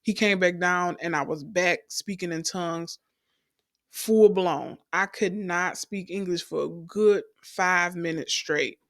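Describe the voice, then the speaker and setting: A woman's voice: lowish voice, slow pace, no echo, studio quality. A young adult woman, telling her personal faith testimony in an earnest storytelling way and calling the listeners y'all. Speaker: testimony speaker.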